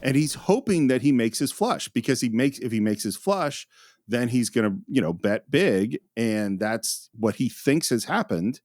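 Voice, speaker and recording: A man's voice: mid-range voice, animated, moderate pace, a little mellow, dry recording, clean studio sound. A man co-hosting a film podcast, chatting casually and enthusiastically about a movie. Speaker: podcast co-host.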